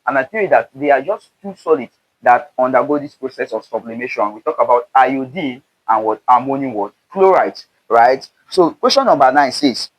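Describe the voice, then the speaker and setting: A young man tutors exam chemistry in a call-and-response style. He keeps breaking off with a questioning "what?" before he gives each answer, and his voice sits at a middle pitch. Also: expressive, normal speed, low-quality recording. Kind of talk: exam prep lesson.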